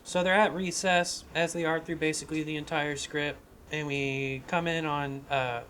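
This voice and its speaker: Pitching a script idea for his podcast, a man rambles, curses and keeps restarting his sentences. His fairly high voice is bright and forward, steady at a moderate pace, with a faint ambient hum behind him.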